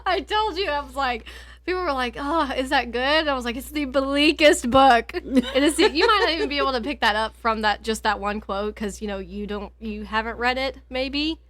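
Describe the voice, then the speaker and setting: Woman, higher voice, dry close sound, giggly, chatty, home basement podcast. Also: brisk, fairly bright tone, dry recording. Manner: giggly, chatty, easily moved to tears. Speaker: podcast co-host. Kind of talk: casual book chat.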